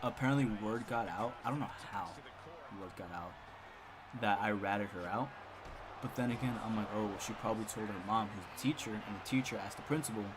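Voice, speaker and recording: A young man telling a story from his school days in a casual, animated way, growing loud and excited as he rants. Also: lowish voice, brisk, background noise. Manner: animated, gets loud and excited when ranting. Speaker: storytime streamer.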